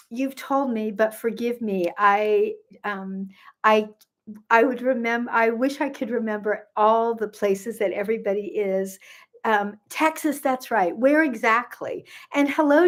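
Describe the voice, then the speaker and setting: A woman close to seventy speaks in a slightly high, somewhat slow voice. She works as a gut health coach and talks casually to livestream viewers on her phone, greeting them by name and wandering into rambling asides.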